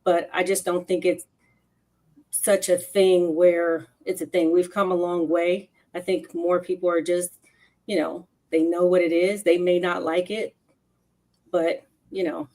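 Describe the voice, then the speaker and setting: A woman speaking in a relaxed, measured way in a casual panel discussion. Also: lowish voice. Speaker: panel guest.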